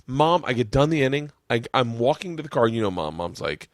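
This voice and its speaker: A man hosting a podcast, telling a story in casual chat, animated and swearing, his voice jumping up when he quotes himself. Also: mid-range voice, a little fast, no echo, clean studio sound. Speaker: podcast host. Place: room with family around.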